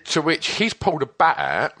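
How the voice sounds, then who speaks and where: Animated man telling a rowdy story. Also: fairly high pitch, moderate pace. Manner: swears freely, laughs while telling, animated impressions. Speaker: storyteller guest, former band member. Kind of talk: casual anecdote.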